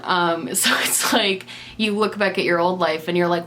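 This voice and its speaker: Candid young woman vlogging, halting restarts. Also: fairly low pitch, steady tone, fairly bright tone, slight background noise. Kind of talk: casual confessional chat.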